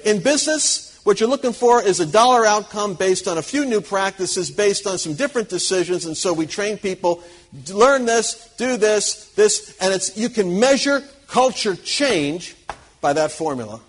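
Husky, animated storytelling preacher man. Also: sits high, moderate pace. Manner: animated anecdotes, acts out quotes, chuckles. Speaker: Christian conference speaker. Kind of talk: storytelling sermon to a live audience.

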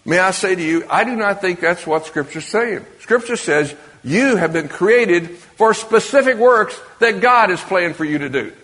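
In a church or meeting hall filled with listeners and long reverb, a preacher gives a chatty sermon and keeps putting questions to the congregation. His voice is high and a bit bright, animated, at a moderate pace with hardly any pauses.

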